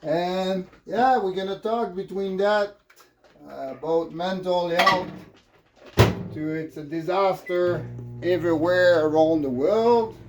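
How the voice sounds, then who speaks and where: In his echoey home kitchen with faint noise, a French-accented vlogger cooks on camera while rambling casually and cracking jokey asides. His voice is high-pitched and slow, heard over music.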